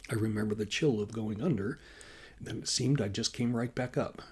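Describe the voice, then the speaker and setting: A man's voice: fairly low pitch, a little fast, breathy edge. A man reading the lines of a blunt, driven male inventor who talks brusquely and wryly. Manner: brusque, wry.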